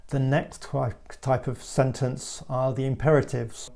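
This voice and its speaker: A man teaching a spoken English lesson, explaining word stress clearly and acting out example sentences. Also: mid-range voice, flat delivery, a little slow, hardly any pauses, darkish tone.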